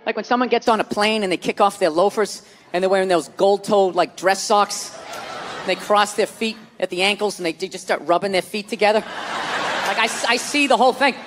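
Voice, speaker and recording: A man doing a stand-up comedy rant with profane, exasperated delivery and bursts of shouting, on a live stage in front of a loud audience. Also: high voice, fairly even intonation, brisk, big-room sound, noisy background.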